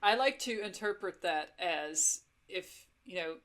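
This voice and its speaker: A woman on a movie podcast, calmly offering her own interpretation of a scene. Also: on the low side, a little slow. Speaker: podcast co-host. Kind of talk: casual movie discussion.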